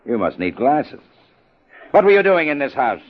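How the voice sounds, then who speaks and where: An actor playing a young, wry, commanding police inspector in a 1950s radio drama. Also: male voice, medium pitch, big pitch swings, normal speed. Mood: sharp. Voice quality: dry, commanding. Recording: dull old radio broadcast.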